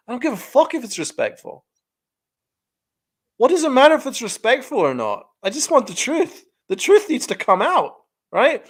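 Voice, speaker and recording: Man ranting on a podcast, high-pitched, very animated, profane, mocking. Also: normal speed, husky. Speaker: podcast co-host. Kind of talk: heated casual podcast chat.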